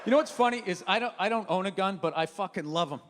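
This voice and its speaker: A man's voice: high-pitched, animated, fast. A male stand-up comedian on a stage mic, telling profane, ranting stories in his own routine. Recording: reverberant hall with faint room noise.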